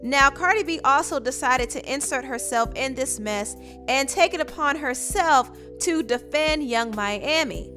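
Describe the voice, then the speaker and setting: A woman's voice: high voice, a little slow, music in the background. A woman hosting a celebrity gossip vlog with sassy, conversational commentary.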